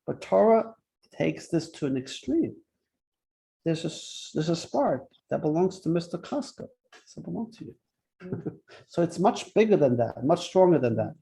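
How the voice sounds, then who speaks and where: Leading a Torah class, this man jokes around and keeps asking "right?" in a chatty, interactive style. His mellow, gravelly voice sits on the high side, swinging widely in pitch at a normal speed.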